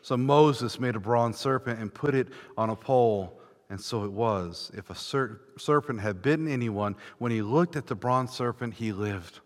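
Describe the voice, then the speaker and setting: A man preaching a sermon in a church, fervent, swelling from hushed passages to ringing declarations. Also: mid-range voice, moderate pace. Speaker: pastor. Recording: long reverb of a large church hall.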